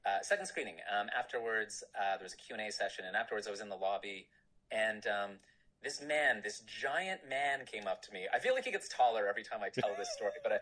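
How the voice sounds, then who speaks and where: A man's voice: lowish voice, lively intonation, fast, sharp tone, poor audio. A man, a film director, answering interview questions in a rambling, self-deprecating way with frequent laughs.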